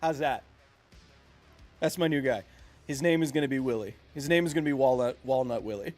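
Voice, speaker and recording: A man's voice: medium pitch, fairly quick, darkish tone, faint music behind. A man in his thirties live-streaming a video game, chatting casually with viewers in a rambling, self-mocking way. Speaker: streamer playing a video game and answering chat.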